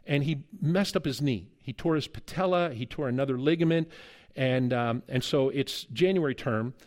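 A middle-aged seminary teacher, visiting as guest preacher, tells a spirited story in his sermon, full of humor and chuckles. He speaks at medium pitch and a moderate pace.

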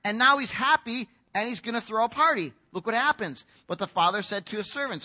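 Bright high-voiced man preaching. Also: animated, a little fast, hardly any pauses. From United States. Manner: conversational storytelling, acting out quoted voices. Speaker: pastor. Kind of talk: sermon.

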